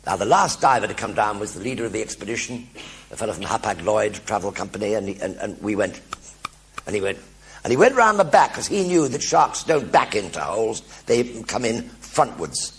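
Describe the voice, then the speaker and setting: Gravelly older raconteur. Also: male voice, lowish voice, fairly quick, a little hiss or hum. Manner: animated anecdotes with acted-out voices. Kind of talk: one-man show storytelling. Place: theatre stage with audience.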